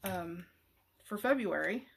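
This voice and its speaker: A middle-aged woman hosting a craft tutorial, talking casually in a rambling, halting way with many fillers and restarts. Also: lowish voice, lively intonation, gravelly, slight background noise. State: emotional, near tears.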